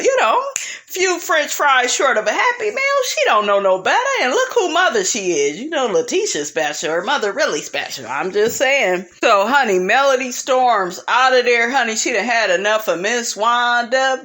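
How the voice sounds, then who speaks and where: Sassy, bright-voiced woman dishing gossip. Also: mid-range voice. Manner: sassy, opinionated, calls listeners honey and child. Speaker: reality TV recap vlogger. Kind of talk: casual gossip recap.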